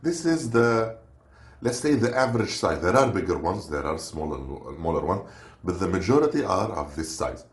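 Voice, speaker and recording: A man's voice: deep voice, expressive, normal speed. A man from Lebanon, rambling and joking through a casual snack review and stopping to hunt for words. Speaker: unboxing vlogger. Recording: roomy echo with faint noise.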